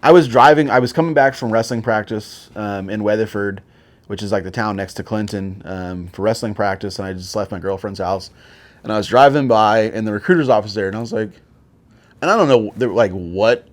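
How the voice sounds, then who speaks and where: A man's voice: on the low side, brisk. A man in his forties, a Marine veteran guest, telling his story casually with lots of swearing and filler words. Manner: profane, rambling, with many fillers.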